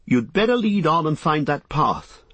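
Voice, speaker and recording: A man's voice: a little high, big pitch swings, normal speed, bright, forceful tone, slightly rough, no room sound, pitched above the performer's own voice, heavily acted. A man voicing an earnest male hobbit who leads his friends and urges them on. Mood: urging.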